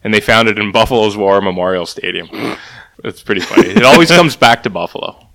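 Forceful low-voiced man hosting a chat. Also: brisk. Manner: relaxed, retells scenes with many "like"s. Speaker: podcast host. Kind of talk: casual movie discussion.

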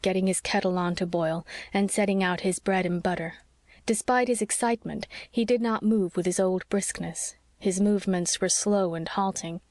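A woman narrating an audiobook in a calm, measured way. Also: medium pitch, no room sound, clean studio sound. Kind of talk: scripted narration.

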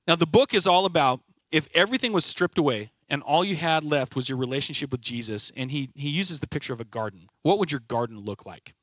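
A man's voice: a little high, lively intonation, fairly quick, hardly any pauses, fairly bright tone, dry recording. A middle-aged man sharing a personal testimony about his work life, reflective and earnest, telling it as a story. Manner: storytelling, quoting others in conversation. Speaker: team leader at a brokerage.

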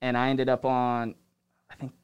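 Man with a smooth, clear voice as a rambling, easygoing podcast guest. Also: mid-range voice, monotone, normal speed, muffled recording. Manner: loose, rambling storytelling. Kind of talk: casual chat.

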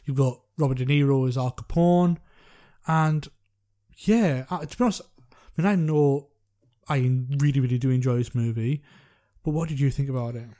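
A podcast host talking about films in a relaxed, slightly rambling casual way. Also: mid-range voice, normal speed. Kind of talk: casual film podcast chat.

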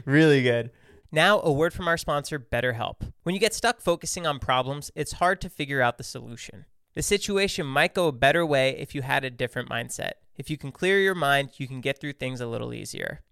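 Playful young man with a smooth voice. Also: medium pitch, expressive, fairly quick, a bit bright, no room sound, clean studio sound. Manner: playful, laughs often, teasing. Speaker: podcast co-host. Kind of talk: casual podcast chat with read ads.

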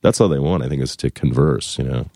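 A man's voice: a bass voice, fast talker, dark tone, dry recording, clean studio sound. A man being interviewed as a guest musician, chatting casually in a wry, joking way and now and then slipping into mock voices.

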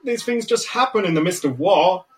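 A man's voice: high-pitched, expressive, normal speed, faint music behind, pitched above the performer's own voice. A man voicing a fussy, pompous male gnome who stammers and wheedles in a self-important way. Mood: flustered pleading.

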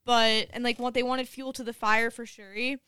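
A woman's voice: on the high side, little pitch movement, moderate pace, pushed and bright, clear, resonant tone, dry recording. A woman co-hosting a podcast, talking casually and earnestly at length. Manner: earnest, talks things through at length. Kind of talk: casual chat.

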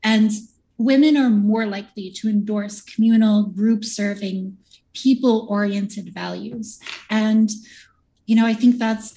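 A woman's voice: mid-range voice, mellow. A woman on a debate panel, assertively arguing and citing research. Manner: assertive, cites studies. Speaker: panel guest. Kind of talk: debate argument.

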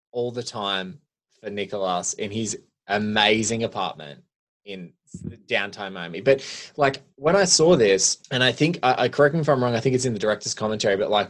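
A man co-hosting a casual film podcast, rambling and chuckly, with many restarts. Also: lowish voice. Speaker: podcast co-host.

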